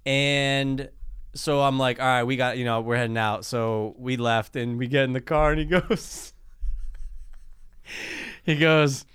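Young man, podcast co-host, casual crude storytelling, smooth voice, dry close sound. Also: mid-range voice, steady tone, measured pace, long pauses, a bit bright, dry recording. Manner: storytelling, laughs a lot, crude language. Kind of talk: casual chat.

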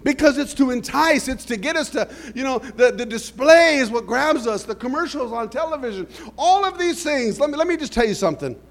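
High-voiced preaching man. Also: lively intonation, a little fast, hardly any pauses. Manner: storytelling, frequent "amen?" to the congregation. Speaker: pastor. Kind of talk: sermon.

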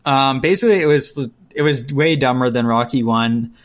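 A man's voice: mid-range voice, moderate pace. Blunt, ranting man in casual chat. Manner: ranting, blunt, mimics voices mid-story. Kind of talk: casual chat reviewing movies.

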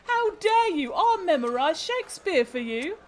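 A woman's voice: very high voice, big pitch swings, measured pace, slight background noise, full character voice. A woman playing a haughty, pompous starlet actress in an improvised comedy sketch. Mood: outraged. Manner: indignant, theatrical, pompous. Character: haughty female starlet, a self-important actress.

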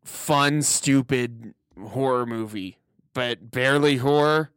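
A man's voice: mid-range voice, slow, fairly bright tone, clean tone, no echo, clean studio sound. A man co-hosting a podcast, chatting casually over drinks with sarcastic, teasing jokes. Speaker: podcast co-host. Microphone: podcast mic.

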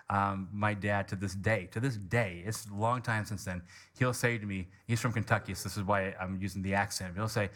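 A man preaching a sermon as pastor, emphatic and climbing in pitch on key words. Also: fairly even intonation, brisk, fairly bright tone.

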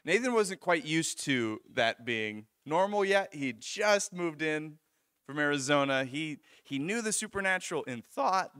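A young man preaching, telling a personal story in an animated way, often stopping short and restarting his sentences. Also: a little high, smooth, no room sound, studio quality. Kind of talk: personal testimony in a sermon.

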